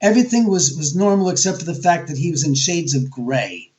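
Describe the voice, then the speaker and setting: A man with a New York accent, a guest on a radio interview, telling a story in a lively, animated way and acting out other people's voices. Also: fairly high pitch, a little fast. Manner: animated, acts out quoted voices. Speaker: guest, homeowner and author.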